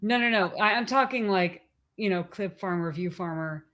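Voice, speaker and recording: A woman's voice: mid-range voice, moderate pace, a bit bright. A woman co-hosting a podcast, chatting casually with her husband and thinking aloud with restarts. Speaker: podcast co-host.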